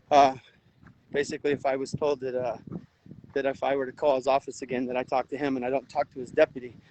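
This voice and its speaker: Outdoors beside a river, a worn-out veteran volunteer hosts a phone livestream of emotional commentary, speaking urgently and earnestly while rambling and restarting. His slightly high voice has a darkish tone, and the low-quality audio carries a little hiss or hum.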